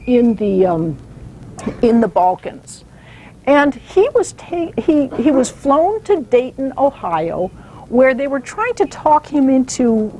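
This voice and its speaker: Woman, fairly high voice, lively storytelling lecture, faint hiss behind. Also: low-quality recording. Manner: storytelling, animated, uses fillers. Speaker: author giving a lecture. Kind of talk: public talk with anecdotes.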